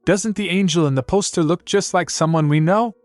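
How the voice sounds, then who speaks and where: A man's voice: a little high, animated, moderate pace, no room sound, faint music behind, pitched above the performer's own voice, natural voice. Man doing a cheery teasing old granny. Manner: warm, teasing.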